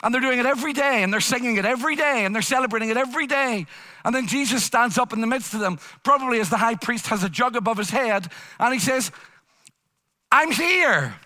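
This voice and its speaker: A man's voice: very high-pitched, quick pace, bright, forceful tone. A man preaching a sermon in an impassioned style, building through repeated phrases. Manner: impassioned, repetitive preaching cadence.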